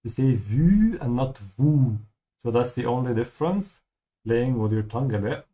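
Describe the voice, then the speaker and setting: A man teaching German through a game playthrough, patiently explaining words and repeating them slowly. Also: mid-range voice, dark tone. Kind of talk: game playthrough language lesson.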